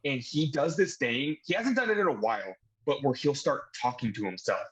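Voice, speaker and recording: A man from the United States hosting a casual wrestling review chat, excitable and swearing freely. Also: medium pitch, a little fast, breathy edge, rough recording. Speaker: podcast host.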